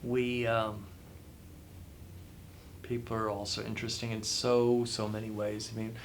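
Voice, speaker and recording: A man speaks as a guest author in an interview, offering motivational advice emphatically and repeating phrases for effect. His voice is fairly low and level in tone, a little slow, with a faint hiss or hum underneath.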